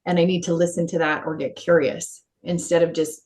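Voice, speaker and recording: A woman guesting on a podcast as a confidence coach, talking in an earnest, animated way and laughing often. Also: lowish voice, a little fast, few pauses. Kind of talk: conversational interview.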